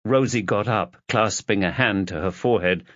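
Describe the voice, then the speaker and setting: A man narrating a mystery novel as an audiobook in an expressive reading. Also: fairly low pitch, moderate pace, dry recording. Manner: expressive reading, voices the characters. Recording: dull, dry lo-fi recording.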